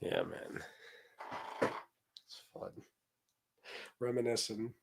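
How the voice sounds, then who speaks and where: A man's voice: mid-range voice, wildly swooping pitch, very slow, vocal fry, slightly rough. A man hosts a loose, casual livestream and tells a story about a past clash. He talks crudely, laughs often, and mocks the other person with relish. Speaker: livestream host.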